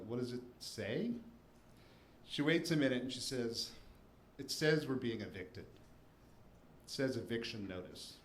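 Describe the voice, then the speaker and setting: A man in his forties from the Washington, D.C. area, an attorney and storyteller, tells a first-person story on stage to an audience with wry, self-deprecating humor. His voice is medium-pitched, and the roomy live venue adds faint ambience plus a little hiss or hum.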